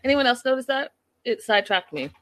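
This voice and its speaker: A woman's voice: a little high, animated, a little fast, a bit bright. A woman casually recapping a reality show episode, chatty and opinionated, peppered with "like" and "you know".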